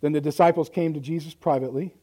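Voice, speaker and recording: A male pastor preaching live in church, folksy and impassioned, swinging from hushed asides to loud appeals. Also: fairly high pitch, steady tone, fast, slightly rough, rough recording. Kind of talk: sermon.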